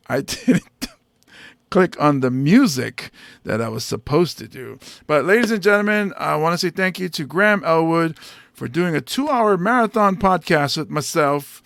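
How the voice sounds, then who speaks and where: A male comedy podcast host in easy, joking chat, quick to break into silly bits. His voice sits a bit high with a gravelly fry running through it. It is recorded close and dry, with no room sound. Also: fairly bright tone, no room sound. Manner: playful, joking, slips into bits.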